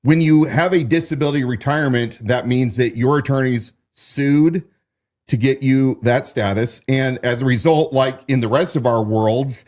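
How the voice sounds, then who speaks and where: A man's voice: medium pitch, normal speed, darkish tone. Man talking through political commentary. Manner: conversational, many restarts and repeats. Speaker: podcast co-host.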